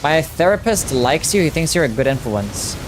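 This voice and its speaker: An Australian man on a live game stream, loose and jokey, talking straight to his viewers. Game music plays clearly behind his voice. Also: fairly high pitch, sing-song, normal speed. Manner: casual, joking, chats with viewers. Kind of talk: live gameplay stream commentary.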